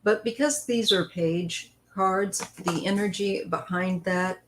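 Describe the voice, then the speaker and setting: A woman's voice: medium pitch, slow pace, fairly bright tone, slight background noise, poor audio. A woman hosting a live tarot stream who chats loosely, greets viewers by name and wanders between thoughts while reading the cards. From western United States.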